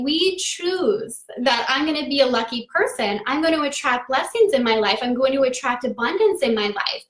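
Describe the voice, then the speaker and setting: High-voiced woman astrologer, roomy echo. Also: fairly bright tone. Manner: upbeat, affirming, greets viewers by name. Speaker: astrologer hosting a livestream. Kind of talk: live-stream astrology talk.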